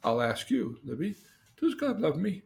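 A man's voice: fairly high pitch, big pitch swings, moderate pace, vocal fry, darkish tone. Earnest man telling personal stories. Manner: earnest, repeats himself, asks leading questions. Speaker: guest telling life stories. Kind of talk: casual personal storytelling.

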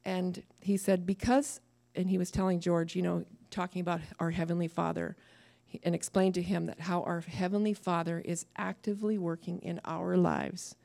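A woman preaching a sermon to a church, lively and laughing at her own asides. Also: on the low side, vocal fry.

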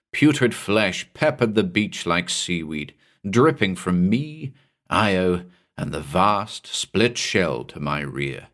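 A man narrating a horror story in a measured, dramatic way. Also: deep voice, a bit bright. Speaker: narrator and host.

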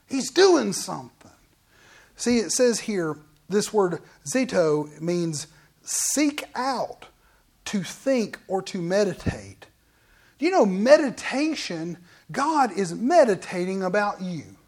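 A man pastor preaching a sermon in an animated, conversational way, full of asides to the congregation. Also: sits high, a little slow. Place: church.

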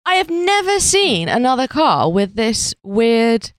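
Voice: mid-range voice, big pitch swings, measured pace, no echo, clean studio sound. A podcast co-host rambling through a story with lots of fillers in casual chat. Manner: rambling, lots of "like", trails off mid-sentence.

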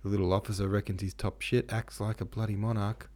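A bawdy, mocking viscount from a storybook, as a narrator puts him on. Low-voiced, he leers and sneers. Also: little pitch movement, fast, warm tone, close to an everyday voice. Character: gossipy cynical male viscount.

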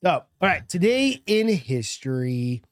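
A man's voice: a little high, big pitch swings, unhurried, clear, resonant tone, no room sound. Casual bantering podcast man, dry sound. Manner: loose, profane banter, reads news items aloud. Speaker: podcast co-host. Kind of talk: casual chat.

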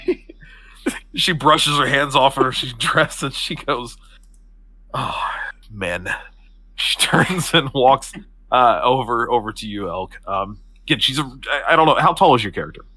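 A man's voice: mid-range voice, moderate pace, sharp tone, no room sound. A man narrating a tabletop game as game master, in a casual way with frequent laughter.

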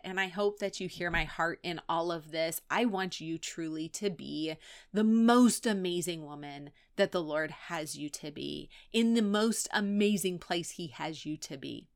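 A woman in her thirties hosting a solo podcast, talking in a chatty, encouraging way with many fillers. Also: medium pitch. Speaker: podcast host and business coach. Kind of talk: heartfelt solo podcast talk.

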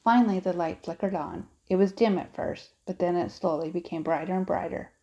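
A woman narrating a children's audiobook in a steady, expressive storytelling manner. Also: lowish voice, fairly quick, poor audio.

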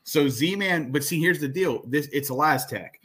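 A man's voice: a little high, moderate pace, fairly bright tone, husky. Rambling man explaining on a podcast. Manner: explains at length, starts sentences with "so". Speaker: podcast co-host. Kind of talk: casual podcast chat.

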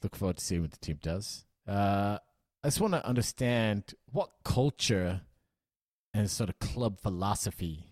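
A man's voice: fairly low pitch, lively intonation, unhurried, a little mellow, no room sound, studio quality. A man putting on a brash American-accented reporter. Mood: mock-formal. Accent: put-on American. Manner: grilling, mock-formal questions. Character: brash male press-conference journalist.

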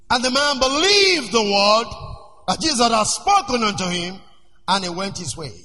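A man preaching a sermon as pastor, emphatic and repetitive, rising into shouts. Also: extremely high pitch, expressive, moderate pace. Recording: long church reverb.

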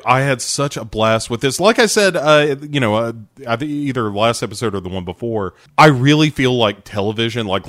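A man's voice: on the low side, a bit bright, no room sound, clean studio sound. A man co-hosting a casual TV review podcast, talking with frequent hesitations. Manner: hesitant, many fillers and restarts. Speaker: podcast co-host.

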